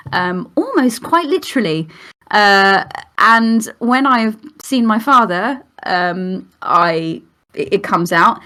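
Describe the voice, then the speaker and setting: A woman from Kent hosting a casual podcast chat, chatty and quick to laugh. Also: on the high side, bright, forceful tone. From Kent, England. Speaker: host.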